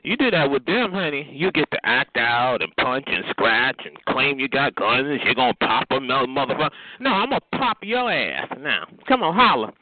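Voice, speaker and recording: A man's voice: sing-song, moderate pace, hardly any pauses, no room sound. A man, ranting at someone on a phone chat line, cursing, taunting and repeatedly asking "okay?". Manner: pitch jumps up sharply when yelling. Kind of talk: heated phone rant. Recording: tinny phone line with hiss.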